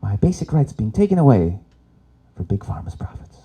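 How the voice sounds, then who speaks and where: A Canadian man with a husky, mid-range voice delivers a stand-up set on an expo stage to a live audience. At a normal speed, he tells animated stories, slipping into voices for the people in them.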